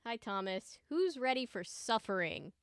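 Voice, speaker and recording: A woman's voice: on the high side, very animated, measured pace, clean tone, dry recording. A young woman hosting a casual livestream, chatting and greeting viewers by name. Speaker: livestream host.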